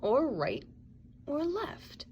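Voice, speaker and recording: A woman doing a high, puzzled little bunny boy. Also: wildly swooping pitch, very slow, darkish tone, muffled recording, slight background noise, full character voice. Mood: pondering. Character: young male bunny, distracted and eager.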